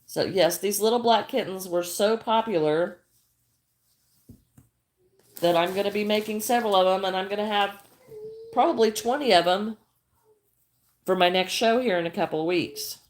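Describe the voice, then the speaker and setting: A woman's voice: mid-range voice, moderate pace, long pauses. An older woman chatting casually on her crafting livestream, greeting viewers by name and often repeating herself. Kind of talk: casual livestream chat while crocheting.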